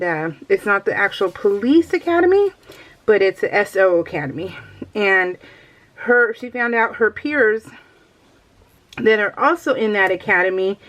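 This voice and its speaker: A woman's voice: mid-range voice, expressive, unhurried. A middle-aged woman chatting casually to viewers while she crafts, rambling and laughing often. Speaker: crafting vlogger.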